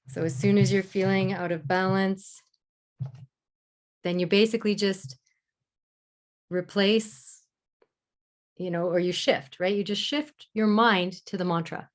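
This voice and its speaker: A woman hosting a live online masterclass as a mentor, explaining in an encouraging way and speaking mantras softly and slowly. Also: mid-range voice. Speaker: love mentor and masterclass host.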